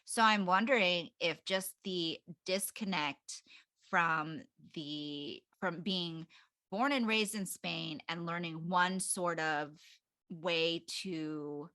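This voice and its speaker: A woman co-hosting a casual book club podcast, her voice bright and somewhat low for a woman. She reads passages aloud with hesitant fillers. The recording is dry and close. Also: slow, no room sound. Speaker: podcast co-host.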